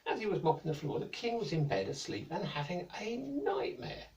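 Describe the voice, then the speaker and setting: A British man narrating a children's story in a gentle, playful, lilting way. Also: sits high, very animated, moderate pace. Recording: echoey room, mic at a distance.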